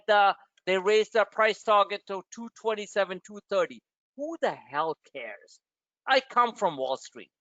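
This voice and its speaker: A man's voice: sits high, fairly bright tone, no room sound, lo-fi sound. A man hosting a stock trading webinar, talking bluntly and emphatically, swearing and repeating himself for effect. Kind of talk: live trading webinar rant.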